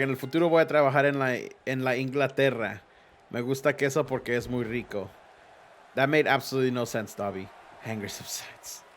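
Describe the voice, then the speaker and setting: A man's voice: mid-range voice, fairly bright tone, slight background noise. A man with young children, hosting a casual livestream from a home green-screen setup, chatting with viewers, reading their messages aloud, swearing and laughing easily. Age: adult with young children. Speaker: streamer hosting a simulated wrestling league.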